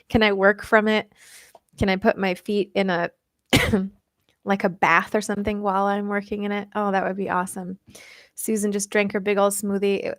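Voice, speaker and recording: A woman's voice: mid-range voice, no echo. American woman, live-stream host and diet coach, chatty and giggly, dry sound. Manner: chatty, reads out viewer comments, laughs often. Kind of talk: casual live-stream Q&A chat.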